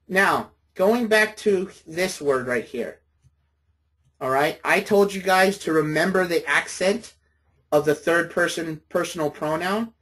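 Guy teaching a college class, kinda husky voice, keeps asking okay?. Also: fairly high pitch, measured pace, fairly bright tone. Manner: patient, friendly, checks in with "okay?". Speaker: Bible college lecturer. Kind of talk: classroom lecture.

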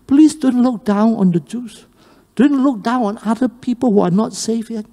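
A pastor preaching a sermon, telling the story with animated swings between loud and hushed. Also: mid-range voice, normal speed. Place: church sanctuary. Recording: long reverb of a church hall on a live stream.

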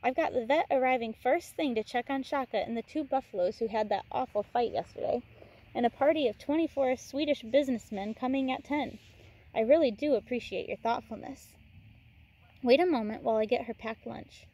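A gracious older grandmother from a storybook, polite and appreciative, voiced by a woman reading aloud. The tone is mellow and sits a little high. It stays close to the reader's own voice. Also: brisk. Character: warm, gracious older grandmother who runs a game reserve.

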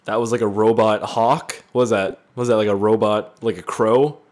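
A man reading fan voice messages aloud and reacting with loud, profane jokes in a casual gaming video. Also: fairly low pitch, steady tone, moderate pace. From Canada. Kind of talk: casual gaming vlog commentary.

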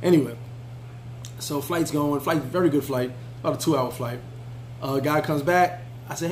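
A man's voice: fairly high pitch, brisk, slight background noise, low-quality recording. Chatty man with a slightly raised voice. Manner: laid-back, chatty, frequent fillers and restarts. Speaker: travel vlogger. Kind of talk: casual storytelling.

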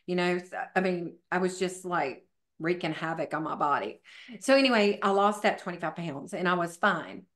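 A woman's voice: fairly low pitch, lively intonation, moderate pace, fairly bright tone. A middle-aged woman, a fitness professional and podcast guest, telling her story in a chatty way with many fillers. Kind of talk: casual interview storytelling.

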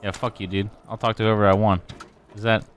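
A man's voice: on the low side, little pitch movement, fairly quick, slight background noise. A young man giving casual, joking and profane commentary while playing a video game, sometimes reading its dialogue aloud.

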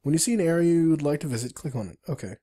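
A game tutorial player narrating a walkthrough, reading story text aloud and breaking off for casual asides. The voice moves up and down a lot, in a lively and animated way. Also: mid-range voice, rapid-fire, husky. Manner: chatty asides while reading on-screen text.

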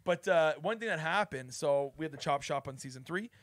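Male streamer host, animated storyteller, lots of "dude", slightly high, dry. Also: a little fast, dry recording. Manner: excitable storyteller, heavy swearing and "dude". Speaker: streamer host, former houseguest. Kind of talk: casual chat. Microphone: streaming mic.

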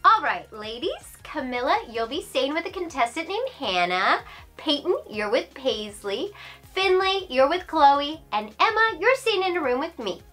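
A woman's voice: high voice, sing-song, normal speed, fairly bright tone, faint music behind. A young woman acting as the bossy, upbeat leader in a teen series.

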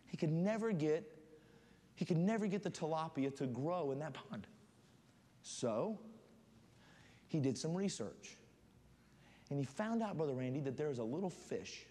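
A man preaching a sermon as a guest speaker, building up to loud fervent shouting. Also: fairly high pitch, animated, moderate pace, pauses often. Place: church sanctuary. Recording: church hall reverb.

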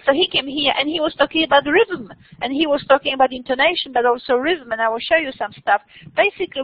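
A high-pitched woman lectures her university students informally and with animation, often restarting sentences and posing questions to the class. The recording is dry and dull.

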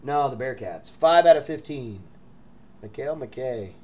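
A man's voice: medium pitch, animated, a little slow, darkish tone. A man hosting a live card-break stream from his break room, hyping the pulls and bantering with viewers. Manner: hyped, joking banter with viewers.

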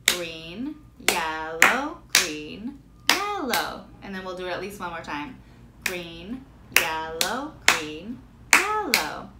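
A woman music teacher leading a children's rhythm lesson, explaining slowly and chanting words for clapping. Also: mid-range voice, roomy sound, background noise. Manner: slow, clear instruction with chanted, clapped words.

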